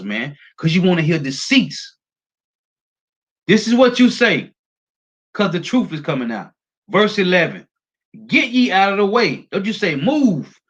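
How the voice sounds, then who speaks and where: A man preaching a street-style sermon, reading scripture aloud and talking emphatically, often ending phrases with a low, tossed-off "man.". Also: a bit bright, dull audio.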